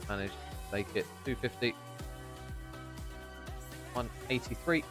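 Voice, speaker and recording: A young man giving live esports play-by-play as a caster, chatty and quick to banter between rounds. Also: medium pitch, music in the background.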